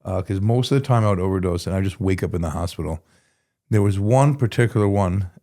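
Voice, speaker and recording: Rambling, slangy man on the low side. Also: quick pace, warm tone. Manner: rambling, restarts words, slangy and candid. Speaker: guest in recovery. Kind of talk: casual conversational storytelling.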